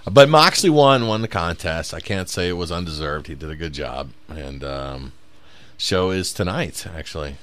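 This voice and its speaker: A man who is a stand-up comic, telling profane, animated stories in a casual podcast chat. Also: deep voice, normal speed. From South Bend, Indiana.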